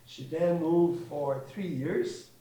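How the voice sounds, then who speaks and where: A man, the host, reads out an introduction of the guest speaker, halting and correcting himself as he goes. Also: fairly high pitch, warm tone. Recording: echoey and distant, faint background noise.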